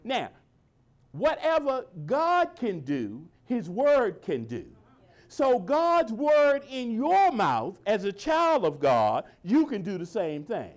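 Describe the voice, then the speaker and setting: A man preaching in a high voice that swings widely in pitch. He quotes old scripture and talks informally with the congregation, slowing right down on the lines he wants them to repeat. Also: wildly swooping pitch. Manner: preaching with a call-and-response cadence, slowing to stress lines; informal speech, asking the congregation for agreement. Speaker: pastor. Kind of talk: sermon.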